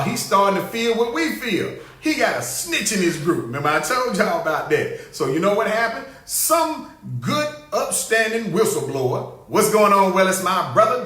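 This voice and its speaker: A man hosting a comic live show, animated and laughing as he greets viewers by name. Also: sits high. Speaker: show host. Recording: roomy echo.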